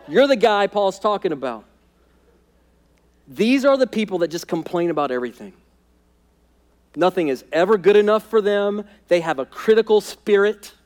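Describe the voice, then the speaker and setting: A man preaching a sermon as pastor, emphatic, repeating key phrases and dropping to quiet intensity. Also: fairly high pitch, long reverb tail. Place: church sanctuary.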